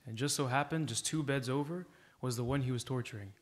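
A man's voice: medium pitch, fast. A man preaching a sermon in a church, earnest and exhorting, telling a story to make his point.

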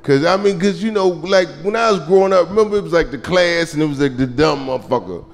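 Profane stand-up comedian, gravelly voice. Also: male voice, fairly high pitch, fast. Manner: profane, loose storytelling with sudden shouted punchlines. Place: comedy club stage. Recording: live club recording with crowd laughter. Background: audience laughter.

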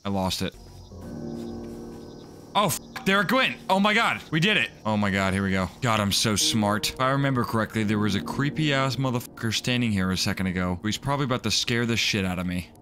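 A man's voice: on the low side, expressive, brisk, background noise. A young man commentating a horror game as he plays, cursing constantly and yelping when startled. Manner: profane, jumpy, screams at jump scares. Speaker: gaming youtuber.

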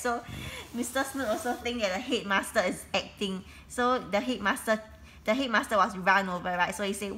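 A woman reading a children's book aloud, pausing to explain the story in simple words with frequent restarts. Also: medium pitch, pushed and bright, slight background noise. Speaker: reader.

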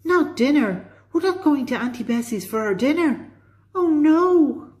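A woman with an Irish accent voicing a stubborn, tricky little boy who yells and whines his protests in a storybook. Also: fairly low pitch, animated, a little slow. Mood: loud protest. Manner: whiny, yelling protests.

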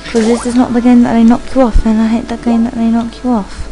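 A woman giving rambling casual commentary while playing a video game, chatting to her dog and reacting out loud. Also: on the high side, fast talker, faint music behind, poor audio. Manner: excitable, yelps and squeals at the game. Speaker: let's play gamer.

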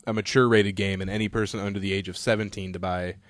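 A young man co-hosting a casual podcast, calmly explaining news and laughing often. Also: low voice, quick pace, no echo. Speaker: podcast co-host. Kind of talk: casual chat.

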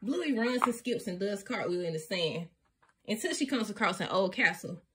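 A woman reading a children's storybook aloud in an expressive, sing-song way, often laughing along. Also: medium pitch, moderate pace, noisy background. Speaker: storybook reader.

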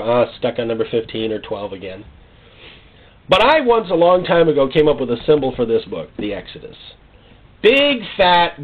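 Lively, husky preacher on a tinny line. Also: male voice, mid-range voice. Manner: animated storytelling preacher, jokes and acts out scenes. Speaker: pastor. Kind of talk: sermon. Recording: tinny phone-like sound.

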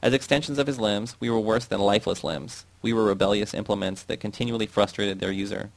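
A man reading a novel aloud in a steady, measured way. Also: on the low side, creaky, no echo. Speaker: audiobook reader.

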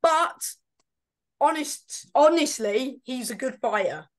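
Chatty woman with a higher voice. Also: lively intonation, slow. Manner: chatty, hesitant, self-correcting. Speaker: boxing pundit co-host. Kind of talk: casual fight predictions chat.

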